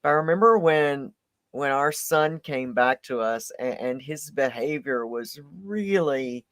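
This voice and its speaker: A man's voice: mid-range voice, unhurried, a bit bright, no room sound. A man hosting a live conversation show, speaking earnestly and reflectively in long, advocating runs. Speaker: host.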